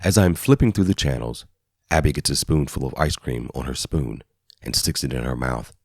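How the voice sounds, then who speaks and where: Very deep-voiced male audiobook narrator. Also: a little fast, a little mellow, dry recording. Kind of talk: first-person audiobook narration. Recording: dry studio voice-over.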